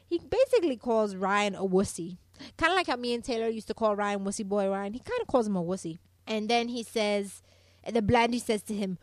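A young adult woman gives a chatty, opinionated rundown of a soap episode, talking straight to her listeners. Her voice sits at a middle pitch. The sound is dry and close, with no room echo. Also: a little fast. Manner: opinionated, animated, addresses listeners as "people". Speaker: soap opera recap host. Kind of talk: casual chatty recap.

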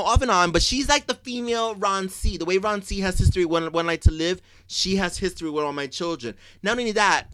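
A man co-hosting a casual chat show, talking in an excitable, dramatic, gossipy way. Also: on the high side, smooth, no room sound. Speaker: podcast co-host.

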